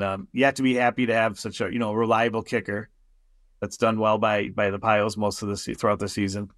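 A man hosting a casual radio sports show, chatty and quick to laugh at his own slips. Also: on the low side, a bit bright, dry recording, studio quality.

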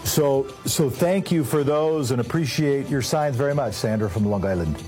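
A man's voice: mid-range voice, moderate pace, a little mellow, soft background music. A man hosting a call-in radio talk show, talking earnestly and stressing his points. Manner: earnest, emphatic, restarts phrases.

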